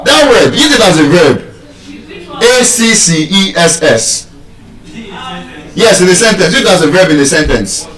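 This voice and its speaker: Animated man lecturing in an echoey hall. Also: high voice, measured pace, long pauses. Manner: spells words out letter by letter, quizzes the audience, teasing. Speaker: speaker teaching English pronunciation. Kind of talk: live lecture to an audience. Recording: echoey hall, mic at a distance.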